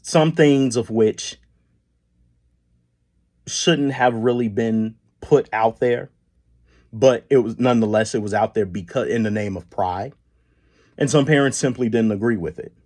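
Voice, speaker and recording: A man's voice: mid-range voice, unhurried, pauses often, a little mellow. A man hosting a solo podcast, speaking earnestly and emphatically, often restarting words and pushing up on key points. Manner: earnest, emphatic, with frequent restarts and rising stresses. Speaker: podcast host. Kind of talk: solo commentary monologue.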